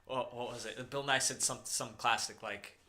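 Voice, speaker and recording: A man's voice: medium pitch, steady tone, moderate pace, sharp tone. A young man co-hosting a podcast, talking casually and rambling with many fillers. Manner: rambling, lots of fillers and impressions. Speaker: podcast co-host. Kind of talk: casual chat.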